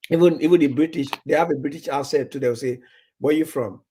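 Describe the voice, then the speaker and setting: A man's voice: fairly high pitch, fast, dark tone, slight background noise. A man from Nigeria talking in casual chat, rambling, repeating words and acting out bits of dialogue.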